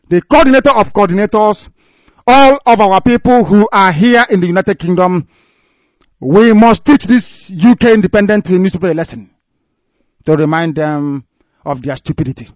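A man's voice: fairly high pitch, expressive, moderate pace, no echo. A man with a Nigerian accent, a broadcaster delivering impassioned commentary and ranting with repeated phrases for emphasis. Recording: dry, dull lo-fi recording.

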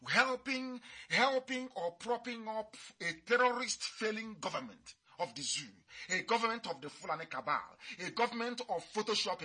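A man's voice: high-pitched, pushed and bright, breathy edge. A man giving a fiery, mocking radio address, repeating his points. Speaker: radio broadcaster.

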